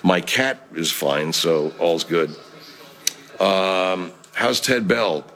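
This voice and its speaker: A man's voice: low voice, animated, extremely slow, fairly bright tone. A middle-aged man, a voice actor, hosting a casual live-stream chat, reading comments in a profane, rambling, laid-back way.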